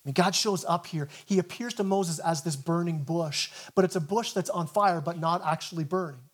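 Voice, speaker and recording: High-voiced pastor preaching earnestly. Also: male voice, moderate pace. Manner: earnest, stammers and repeats words at the start of phrases. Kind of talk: sermon. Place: church.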